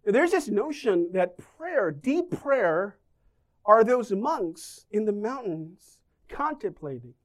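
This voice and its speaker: A man delivering a sermon in a casual, humorous way. His pitch swings widely as he moves between jokes and points. He often turns to the congregation with questions. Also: slow. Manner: lively, joking, asks the congregation questions. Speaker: pastor.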